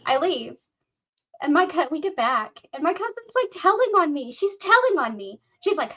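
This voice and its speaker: A woman's voice: sits high, normal speed, lo-fi sound. A woman casually telling a story on a podcast, acting out the voices of the people in it. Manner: animated, acts out quoted voices.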